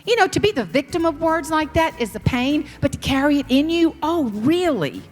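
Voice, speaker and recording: A woman with a Southern US accent, a motivational speaker telling folksy, animated stories in a humorous keynote. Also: sits high, normal speed, in a large hall, soft background music. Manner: animated, folksy, slips into character voices. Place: large hall on stage.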